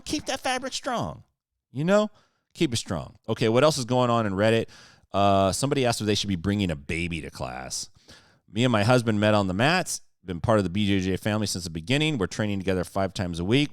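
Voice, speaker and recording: Man, low voice, swinging pitch, casual podcast rant, fired-up, sarcastic, dry close sound. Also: no echo. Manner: fired-up, swearing, animated; sarcastic joking. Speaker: podcast guest.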